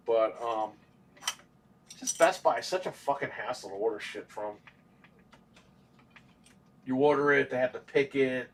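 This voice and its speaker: A man's voice: mid-range voice, fairly bright tone, a little hiss or hum. Profane, rambling man chatting on stream. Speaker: podcast co-host. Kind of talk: casual livestream chat.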